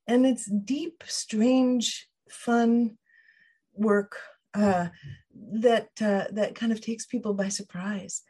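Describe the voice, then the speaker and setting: A woman's voice: fairly high pitch, dark tone, breathy edge. A woman guest on an interview podcast, explaining ideas thoughtfully with frequent restarts and quoted inner voices. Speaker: podcast guest, emotional wellbeing trainer.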